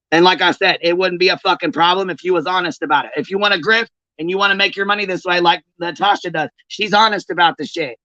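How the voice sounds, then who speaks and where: A woman's voice: lowish voice, fairly bright tone, no echo. Fired-up woman ranting on a stream. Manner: heated, profane, confrontational calling-out. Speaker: livestream host. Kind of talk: angry livestream rant. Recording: dull, lo-fi stream audio.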